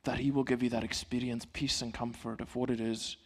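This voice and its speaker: Male pastor, middle-aged, church sermon, calm, gentle, conversational, medium pitch. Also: brisk, husky.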